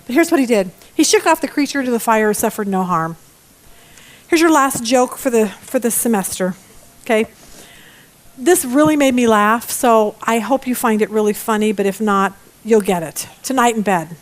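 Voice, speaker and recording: A middle-aged woman teaching a Bible study lesson in a lively, expressive way, with joking asides. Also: on the high side, moderate pace.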